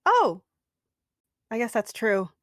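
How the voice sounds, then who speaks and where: A woman's voice: a little high, huge pitch swings, slow pace, a bit bright, no echo. Giggly young woman player, casual, dry sound. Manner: giggly, loose, many fillers. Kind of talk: casual chat.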